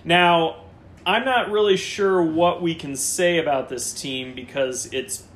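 A man hosting a casual fantasy football chat, reading through a roster in quick lists and joking with his co-host. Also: a little high. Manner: lively, lists players in quick runs, jokey.

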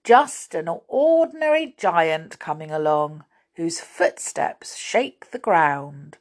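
A woman voicing a cheerful, quick-thinking odd little man who shouts bright calls. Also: low voice, big pitch swings, heavily acted. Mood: amused.

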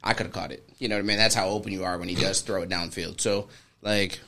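A young man co-hosting a casual podcast, bantering in a laid-back, opinionated way with a gravelly voice. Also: deep voice, fairly even intonation, fast talker, sharp tone. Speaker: podcast co-host. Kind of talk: casual chat. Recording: faint background noise.

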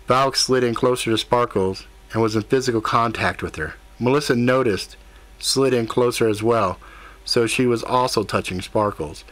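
A man reading narration for an audiobook in a steady, even storytelling manner. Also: on the low side. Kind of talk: scripted narration.

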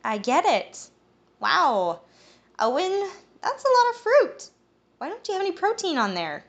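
A woman voicing a bubbly, motherly woman who gushes with excitement in an audiobook. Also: a little slow, heavily acted. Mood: teasing. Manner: gushing, high and breathless.

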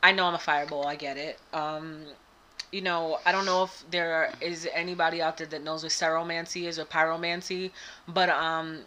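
A woman co-hosting a casual spiritual podcast, talking in an animated way that swings into loud laughing outbursts. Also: deep voice, moderate pace, slight background noise. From United States. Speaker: podcast co-host and spiritual advisor. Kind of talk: casual chat.

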